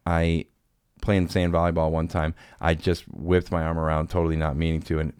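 A man's voice: low voice, flat delivery, moderate pace, darkish tone, clean tone, no room sound, clean studio sound. A man hosting a podcast, telling rambling, self-deprecating stories in casual chat. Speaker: podcast host.

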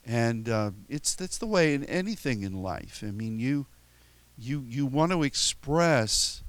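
A man's voice: mid-range voice, dry recording. A man preaching a sermon as pastor, talking conversationally with frequent restarts and telling light stories. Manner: tells stories with chuckles and playful quoted voices.

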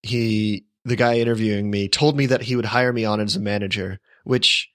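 A man's voice: on the low side, fairly even intonation, normal speed, fairly bright tone, no echo, clean studio sound. Young man telling a rambling story. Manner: rambling, self-deprecating, with frequent restarts. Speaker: podcast co-host. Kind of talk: casual storytelling chat.

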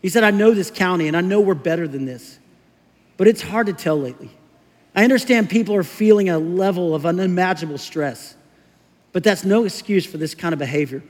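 A middle-aged man preaching a sermon as pastor, telling stories in a casual, conversational way with quick acted asides. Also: high voice. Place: church sanctuary. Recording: long hall reverb.

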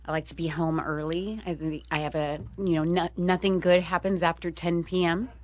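A woman's voice: fairly low pitch, fairly even intonation, moderate pace. A woman co-hosting a radio show in a studio, easygoing and chatty. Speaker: radio co-host. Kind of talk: casual radio chat.

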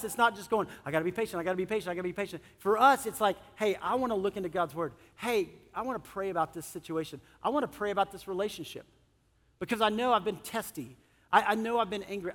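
A man's voice: high-pitched, a bit bright. A middle-aged male pastor preaching a conversational sermon, acting out inner dialogue and chuckling often. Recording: long hall reverb in a church.

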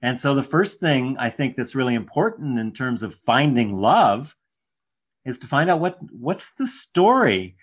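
A man's voice: mid-range voice, big pitch swings, unhurried, slightly rough. Affirming, teacherly man. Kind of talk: casual conversation.

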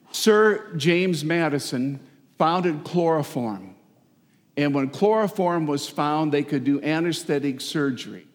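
A middle-aged priest preaches in a folksy, animated way, his fairly high voice carried by the long echo of a large church. He turns to the congregation with quick asides between his points. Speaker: parish priest. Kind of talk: sermon.

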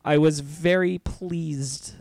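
A man's voice: a little high, fairly even intonation, slow, gravelly, darkish tone, no room sound. A man co-hosting a casual podcast chat, enthusiastic, laughing often and restarting his sentences. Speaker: podcast co-host.

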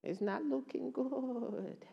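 A preacher voicing the sly, taunting voice of the enemy, hushed, drawn out and mocking. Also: male voice, extremely high pitch, slow, gravelly, husky, in a large hall, lo-fi sound, pitched above the performer's own voice, full character voice.

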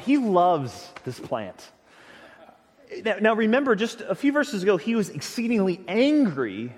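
A man preaching a sermon as a pastor, telling the story with emphatic, expressive delivery and frequent stammered restarts. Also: high-pitched. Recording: long hall reverb.

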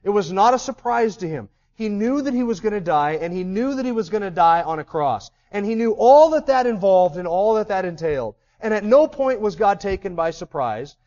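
A man's voice: high voice, animated, brisk, few pauses, warm tone. A man preaching a sermon with passion, asking his listeners questions and acting out the people he quotes. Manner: impassioned, acts out quoted voices, asks the audience questions. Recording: slightly dull, lo-fi recording.

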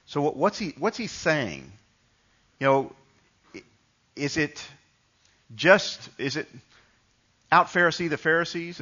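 A preacher from New York delivers a sermon, telling stories casually and restarting his sentences as he goes. His voice is bright and forceful. The recording is a little dull and lo-fi. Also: mid-range voice. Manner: conversational storytelling with frequent restarts. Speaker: pastor.

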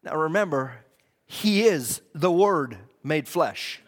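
A man preaching a fervent sermon in a church, repeating his lines and swinging from loud to hushed. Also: on the high side, animated, takes it slowly. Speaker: pastor. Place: church hall. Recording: long hall reverb.

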